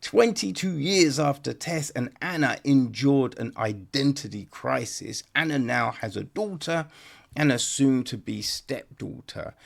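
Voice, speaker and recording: A man's voice: medium pitch, creaky. A man giving a casual, rambling film review on a podcast, blunt and swearing, tagging his points with "right?". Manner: rambling, blunt, swears, many tag questions.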